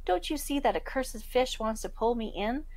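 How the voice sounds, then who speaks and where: A woman voicing an ill-tempered little male dwarf with a shrill, scolding manner. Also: animated, normal speed, a little mellow. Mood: indignant.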